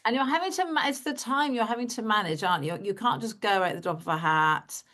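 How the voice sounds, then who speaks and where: A woman's voice: mid-range voice, fast talker, a bit bright. A woman hosting a podcast interview, chatty and prompting her guest with questions. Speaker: podcast host. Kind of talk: conversational interview.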